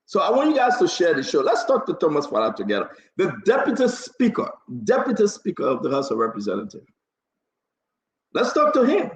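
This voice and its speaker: A man hosting a live political talk show, animated, teasing and laughing as he talks. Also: high-pitched, brisk, roomy sound, poor audio. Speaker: show host. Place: New Jersey.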